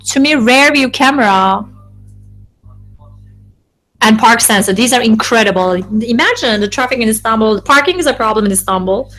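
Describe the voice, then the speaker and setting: A woman interpreting a focus group live, in a halting delivery full of restarts and self-corrections. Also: on the high side, lively intonation, fairly bright tone, low-quality recording.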